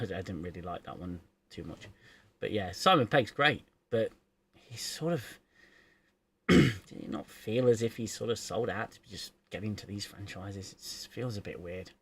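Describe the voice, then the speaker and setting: A man's voice: on the low side, moderate pace, slight background noise. A man hosting a casual livestream chat, hesitant and self-deprecating, often restarting his sentences. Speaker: livestream host.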